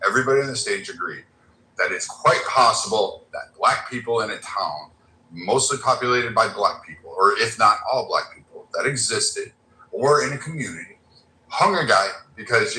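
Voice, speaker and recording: A man's voice: fairly low pitch, animated, moderate pace, bright, forceful tone. Combative, mocking man in a roomy space. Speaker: debate panelist. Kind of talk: heated debate. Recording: roomy echo.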